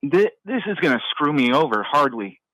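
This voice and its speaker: A man's voice: a little high, fairly bright tone, dry recording, low-quality recording. Choked-up man holding back tears. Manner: halting, stammering. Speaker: caller. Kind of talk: phone-in conversation.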